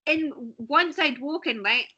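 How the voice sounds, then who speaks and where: A woman's voice: sits high, a little slow, bright, forceful tone, dull audio. A woman, a guest in a casual chat, telling stories animatedly and laughing often.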